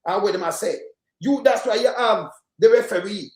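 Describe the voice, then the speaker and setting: A man's voice: high voice, moderate pace, a little mellow. A Jamaican man hosting a casual political commentary show, rambling and emphatic in heavy patois. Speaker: host. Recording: echoey room.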